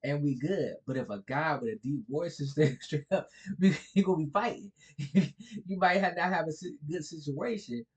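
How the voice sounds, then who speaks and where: A man's voice: a little high, normal speed. A man talking in a casual vlog monologue, chuckling often and rambling loosely, tagging his points with "right?" and "like". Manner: loose, rambling colloquial delivery. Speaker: vlogger.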